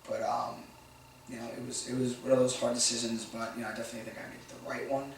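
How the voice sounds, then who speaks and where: A man interviewed for a documentary, looking back on leaving in a halting, reflective way and quoting his own words. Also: mid-range voice, flat delivery, heavy reverb, recorded from a distance, slight background noise, rough recording. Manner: quick, halting, reflective, quotes himself. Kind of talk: candid recollection.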